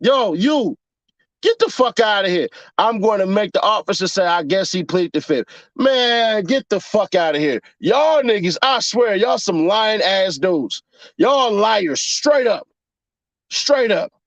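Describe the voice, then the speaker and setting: High-pitched man ranting, mocking. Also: animated, measured pace, no echo, dull audio. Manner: mocking, profane, rhetorical questions, laughing at the audience. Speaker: commentary vlogger. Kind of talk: casual ranting commentary.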